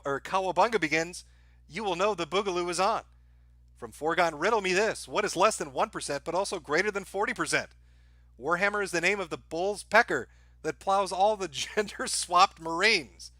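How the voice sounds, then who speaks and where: A man's voice: high-pitched, normal speed, pushed and bright, dry recording. A man hosting a livestream, reading viewer donation messages aloud in a dry, offhand way with crude, irreverent humor and frequent filler sounds. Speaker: livestream host.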